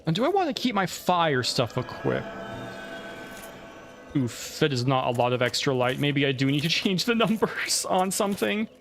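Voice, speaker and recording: A man's voice: a little high, sing-song, moderate pace, vocal fry, fairly bright tone, soft background music. A man giving casual let's play commentary, thinking aloud and cursing when the game goes badly.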